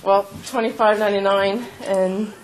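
A woman's voice: medium pitch, fairly even intonation, moderate pace, slight background noise, poor audio. A woman being surprised on radio with money for her dog's vet bill, nervous, shaky and giggly as she talks. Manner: flustered and giggly. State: nervous, shaking. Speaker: listener being given money. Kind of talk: casual chat.

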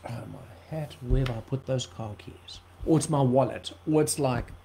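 A man's voice: medium pitch, moderate pace, vocal fry, dark tone, slight background noise, low-quality recording. A man from South Africa preaching an earnest livestream sermon, often repeating words for emphasis.

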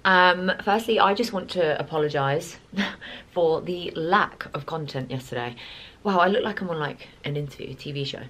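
A woman's voice: deep voice, normal speed, fairly bright tone, a little hiss or hum. A British woman in her twenties chatting casually to her phone camera in a rambling vlog, full of ums and likes. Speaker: vlogger.

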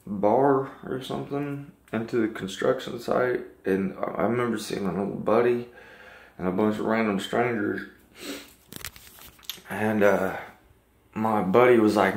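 A man with a fairly low voice recounts a dream in an earnest, rambling way, circling back with likes and restarts. The sound is roomy, with echo off the walls. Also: measured pace, creaky. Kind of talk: casual personal storytelling.

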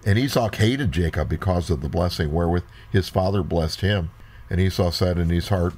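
A man teaching a Bible lesson, reading old scripture slowly and deliberately, breaking off for brief remarks of his own. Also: low-pitched, darkish tone, slightly rough.

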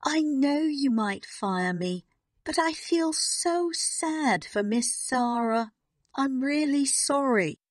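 A woman voicing a timid, tearful young kitchen maid who pleads and apologizes, in a slow storybook reading. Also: medium pitch, animated, fairly bright tone, no echo, clean studio sound.

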